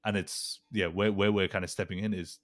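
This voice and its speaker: A man's voice: low voice, level tone, fairly quick, a bit bright, dry recording, clean studio sound. A man hosting a podcast, telling stories casually with rambling restarts and lots of "like". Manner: rambling storytelling with frequent restarts and "like". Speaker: podcast host. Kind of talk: casual conversational interview.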